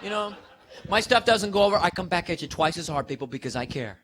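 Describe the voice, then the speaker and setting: A man's voice: high voice, lively intonation, quick pace, background noise. Playful man teasing a comedy crowd. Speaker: stand-up comedian. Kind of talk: live stand-up comedy set.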